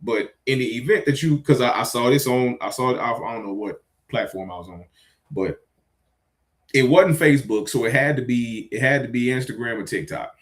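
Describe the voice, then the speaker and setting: A man ranting casually to his viewers, exasperated and swearing, swinging between loud outbursts and low muttering. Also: moderate pace. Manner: conversational, addresses viewers directly. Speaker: vlogger. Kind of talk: casual rant to camera.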